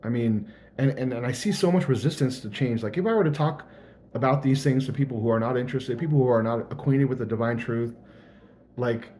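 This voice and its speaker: A man's voice: medium pitch, a little fast, mellow, slight background noise. A young man thinking aloud in a casual, earnest vlog monologue.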